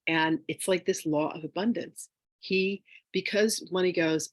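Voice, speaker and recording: A woman's voice: on the low side, a little slow, dry recording. Chatty woman teacher, dry close sound. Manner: animated, chatty, with frequent fillers; emotional, near tears. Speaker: spiritual wealth teacher. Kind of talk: casual storytelling talk.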